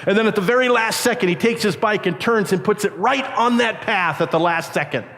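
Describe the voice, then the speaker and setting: A man telling a lively childhood story to a youth camp, often jumping into high squeaky voices to play the kids he quotes. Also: a little fast. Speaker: camp speaker. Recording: reverberant hall.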